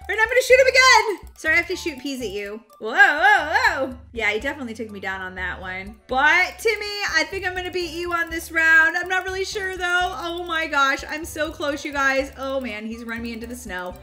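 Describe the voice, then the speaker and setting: A young woman narrates her game in a high, bright voice that swoops up and down. She exclaims often and keeps talking straight to her viewers. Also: expressive, brisk, hardly any pauses, faint music behind. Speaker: game channel host. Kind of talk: excited gameplay commentary.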